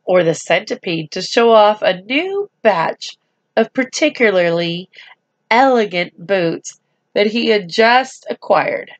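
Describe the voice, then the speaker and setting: A woman reading a storybook aloud to children, speaking slowly and gently and adding chatty asides to them. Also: mid-range voice, animated, muffled recording.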